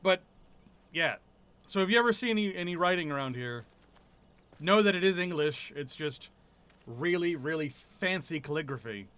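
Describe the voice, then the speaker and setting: A man's voice: fairly high pitch, animated, normal speed, long pauses, a bit bright, smooth. Chatty man streaming a game. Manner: musing, chatty, trails off and restarts. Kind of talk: casual game commentary.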